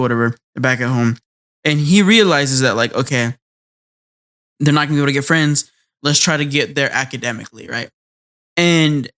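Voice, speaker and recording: A man's voice: mid-range voice, a bit bright. A man co-hosting a casual anime podcast, rambling through episode recaps with lots of fillers and playful character impressions. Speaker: podcast co-host.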